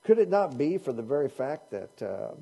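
Husky, mellow-voiced preaching man. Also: mid-range voice, sing-song, moderate pace. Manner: conversational preaching with rhetorical questions. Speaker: pastor. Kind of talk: sermon.

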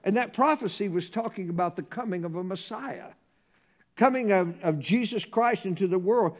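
A man preaching a sermon, reading scripture slowly and swinging from hushed tones to loud emphasis. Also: sits high. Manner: reads scripture in a slow, measured cadence.

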